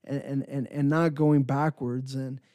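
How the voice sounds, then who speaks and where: A man's voice: medium pitch, level tone, measured pace, dark tone, dry recording. A man who works in ministry giving an earnest, encouraging devotional talk, repeating phrases for emphasis. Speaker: Christian minister.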